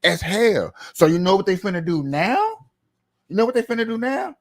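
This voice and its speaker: Guy ranting on a stream, slightly high voice, keeps asking rhetorical questions, lots of slang. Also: lively intonation, moderate pace. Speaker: livestream commentator. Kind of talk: casual ranting commentary.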